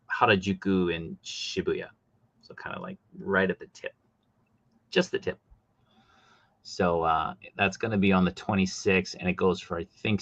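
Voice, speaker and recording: A man hosting a casual livestream chat about collectible figures, talking animatedly, his voice jumping high when he gets exasperated. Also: pushed and bright, dry recording. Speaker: host.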